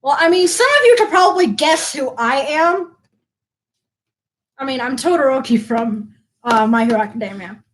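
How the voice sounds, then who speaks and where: A woman with a high, light voice hosts a relaxed live stream challenge. She bosses her guests around in a teasing way and laughs often as she talks. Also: moderate pace, low-quality recording. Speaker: stream host.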